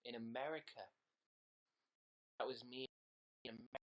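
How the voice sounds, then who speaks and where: A man's voice: medium pitch, steady tone, normal speed, fairly bright tone, a little hiss or hum. A man with an English accent chatting casually on a livestream, rambling and joking at his own expense. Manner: rambling, silly and self-mocking. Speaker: livestream host.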